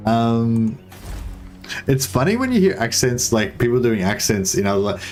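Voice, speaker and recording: A man's voice: medium pitch, very animated, moderate pace, darkish tone, faint music behind. An Australian man in casual gaming chat, rambling and swearing casually while he plays co-op. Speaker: co-op game streamer.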